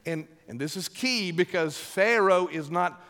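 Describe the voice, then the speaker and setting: A man delivers a sermon in a fairly high voice, pacing his words slowly and stretching them for weight. His pitch rises and falls widely as he presses each point and calls out for an answer from the congregation. The sound carries a long reverb, as if filling a large hall. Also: bright, forceful tone. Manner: emphatic, drawn-out delivery with call-and-response to the congregation. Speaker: pastor.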